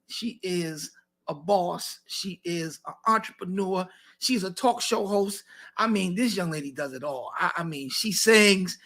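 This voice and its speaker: New york guy hosting a faith talk show, hype emcee vibe, bright voice. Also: sits high. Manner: hype emcee energy, teasing, laughs often. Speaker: host.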